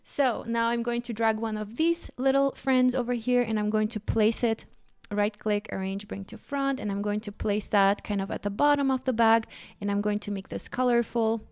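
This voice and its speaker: Bubbly higher-pitched woman tutor. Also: steady tone, moderate pace, darkish tone, clear, resonant tone. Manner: bubbly and enthusiastic, frequent exclamations. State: a bit out of breath. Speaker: livestream design instructor. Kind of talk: live software tutorial.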